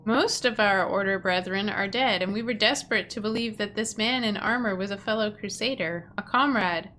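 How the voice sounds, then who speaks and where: A woman's voice: mid-range voice, normal speed, bright, forceful tone, a little hiss or hum, natural voice. A woman reading aloud the lines of a crusader survivor from a video game, in an earnest read-aloud way. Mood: grim.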